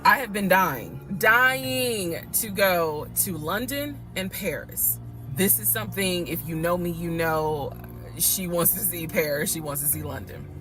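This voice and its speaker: A woman's voice: lowish voice, lively intonation, a little slow. A woman recounting a personal story in a monologue, quoting others as she goes. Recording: video clip with music behind. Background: music.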